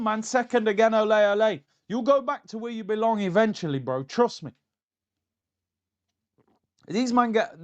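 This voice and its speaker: A man hosting a fan live stream, reading viewer messages in an excitable, slangy way. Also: high voice, dull audio. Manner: excitable and slangy, fast shifts between calm and fired-up. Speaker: fan channel host.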